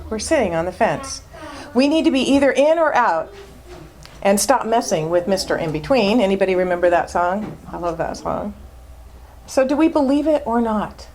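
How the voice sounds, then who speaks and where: A woman's voice: medium pitch, darkish tone. A woman minister giving a sermon, emphatic and fond of repeating words for stress.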